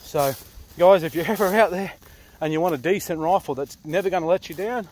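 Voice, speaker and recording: Blunt Australian bloke, higher pitched. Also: male voice, brisk, a little mellow. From Queensland, Australia. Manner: blunt, swearing, laid-back bush talk. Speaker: pig hunter and channel host. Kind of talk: casual talk to camera. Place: outdoors in rural cane country.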